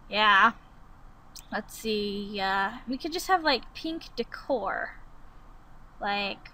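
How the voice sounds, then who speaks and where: Bright-voiced young woman gaming. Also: on the high side, a little hiss or hum, rough recording. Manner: chatty, musing aloud, sudden excited outbursts. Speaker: Let's Play gamer. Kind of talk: casual gameplay commentary.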